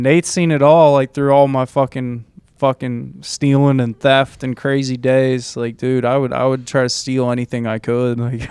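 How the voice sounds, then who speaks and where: A man's voice: mid-range voice, darkish tone, clear, resonant tone, no room sound. A young man telling loose, rambling stories on a podcast, full of fillers and swearing. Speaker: podcast host. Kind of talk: casual storytelling chat.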